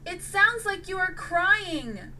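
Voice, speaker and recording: A woman voicing a gentle, caring father, soothing and kind. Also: very high voice, big pitch swings, takes it slowly, a little hiss or hum, voice pushed up, full character voice.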